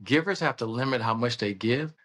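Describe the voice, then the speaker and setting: A man with a Southern American accent, a guest telling stories in casual conversation, animated and laughing often as he acts out voices. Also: medium pitch, brisk. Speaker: podcast guest, surgeon and state senator.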